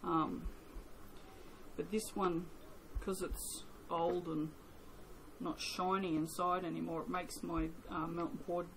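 A woman's voice: fairly low pitch, little pitch movement, slow, slight background noise, low-quality recording. An Australian woman chatting casually as she makes soap at home, rambling and joking at her own expense. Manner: rambling, chatty, self-mocking. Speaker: soap maker. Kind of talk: casual vlog chat. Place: home workshop.

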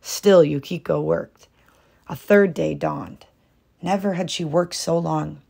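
A woman reading a storybook aloud in calm, measured narration. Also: low-pitched, gravelly, slightly rough. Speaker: storybook reader.

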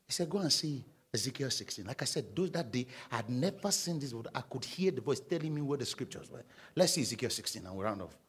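A man's voice: medium pitch, animated, quick pace, breathy edge. A man preaching a sermon as pastor, urging his congregation to read scripture aloud with him.

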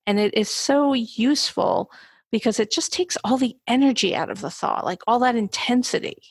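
Gravelly-voiced woman podcast co-host. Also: a little high, animated, normal speed, dry recording, studio quality. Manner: warm, laughing easily, self-deprecating. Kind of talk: casual instructional chat.

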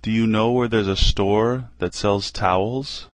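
Male reader, low and dry, clear slow phrase-by-phrase delivery for learners. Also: fairly even intonation, no echo. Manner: slow, carefully enunciated. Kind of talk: reading practice phrases.

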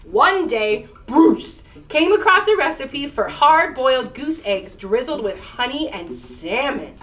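A woman, a children's librarian, hosting a storytime with sing-song, encouraging, expressive reading. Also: high voice, slow.

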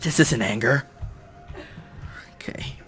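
A young man giving let's play commentary at home into a desk microphone, excitable and quick to shout and groan in frustration, joking at his own expense. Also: medium pitch, faint music behind. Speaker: YouTuber playing a video game.

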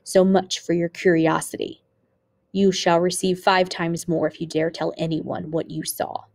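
A woman's voice: lowish voice, flat delivery, a little slow, creaky, a little mellow. A woman reading a memoir aloud voices a brutal male camp overseer who makes cold, hissing threats. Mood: cold menace.

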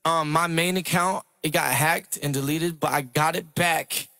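A man freestyle rapping on a livestream and giving rapid shout-outs to viewers, recorded on a phone mic. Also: on the high side, fairly even intonation, gravelly, soft background music. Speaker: livestreaming rapper. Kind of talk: freestyle rap over a beat on a livestream. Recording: loud hip hop beat behind the voice.

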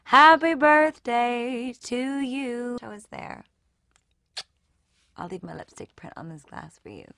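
A woman putting on a famous pop star sending birthday wishes, speaking softly and half in a whisper. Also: mid-range voice, takes it slowly, hardly any pauses, no room sound, clean studio sound, lightly acted. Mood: intimate.

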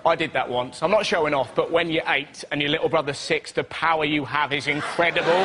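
Excitable high-voiced male comedian. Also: fairly quick, few pauses. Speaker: comedian panellist. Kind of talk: stand-up comedy routine. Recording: studio noise.

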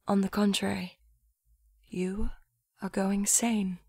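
A calm, murmuring young man guides her with soft, near-whispered words, as a woman reads him in a storybook. His delivery is slow and unhurried, and the recording sounds close and dry with no room around it. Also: medium pitch, creaky, husky, no echo, exaggerated voice. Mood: gentle. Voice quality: murmuring, thick unplaced accent. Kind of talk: audiobook story reading.

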